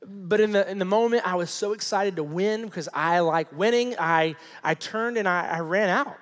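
Animated male preacher in a reverberant hall. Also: sits high, normal speed. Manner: animated, acts out the people in his story. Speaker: pastor. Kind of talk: sermon storytelling.

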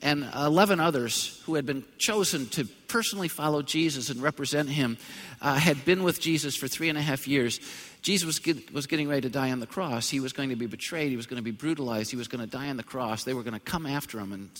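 A male pastor preaching a sermon in a relaxed, conversational way that swells into loud, high-pitched emphasis. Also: fast, few pauses. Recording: long reverb of a large hall.

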